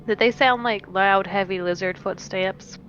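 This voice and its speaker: A woman's voice: mid-range voice, measured pace, fairly bright tone. A woman playing a tabletop game, bantering playfully in casual chat. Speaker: player. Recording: dull lo-fi mic with faint hiss.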